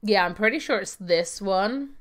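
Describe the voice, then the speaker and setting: A woman's voice: medium pitch, animated, normal speed. A young adult woman giving chatty live gameplay commentary, thinking aloud with fillers and laughing often. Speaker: game streamer.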